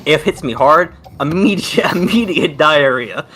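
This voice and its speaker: A man's voice: a little high, expressive, unhurried, pushed and bright. A young man chatting casually, telling a profane, rambling story full of fillers. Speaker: streamer. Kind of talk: casual chat. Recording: noisy background.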